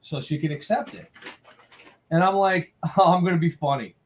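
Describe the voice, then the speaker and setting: A man's voice: on the high side, normal speed. A man hosting a casual live talk show, telling a funny story with lots of laughter. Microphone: own mic at home.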